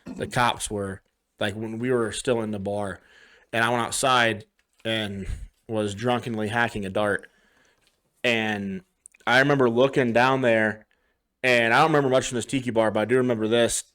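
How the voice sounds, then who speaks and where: A man's voice: on the low side, fairly even intonation, moderate pace, fairly bright tone. Rambling, swearing young man telling stories. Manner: rambling, swears a lot, acts out quotes. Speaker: podcast co-host. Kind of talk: casual storytelling chat.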